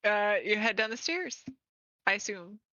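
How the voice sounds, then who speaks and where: A woman's voice: mid-range voice, expressive, normal speed, sharp tone, no echo. A woman narrating as game master in a tabletop game, laughing often, with slightly muffled, dry stream audio.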